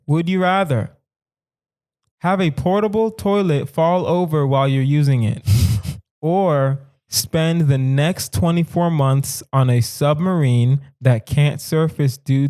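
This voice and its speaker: A man hosting a podcast in casual comedic chat, acting out quoted lines with animated delivery. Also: a little high, unhurried. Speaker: podcast host.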